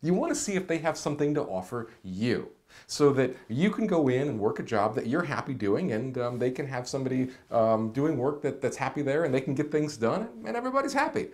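A middle-aged man giving an enthusiastic, animated video lesson as a career coach, speaking straight to the camera. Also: mid-range voice, brisk. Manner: energetic, animated, direct to camera. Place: indoors, seated on camera.

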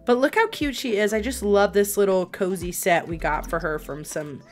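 A woman's voice: medium pitch, normal speed, soft background music. A young woman streaming a life-sim game, chatting casually to her viewers with lots of giggles and exclamations. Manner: bubbly, giggly, talks to chat. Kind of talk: casual gameplay commentary.

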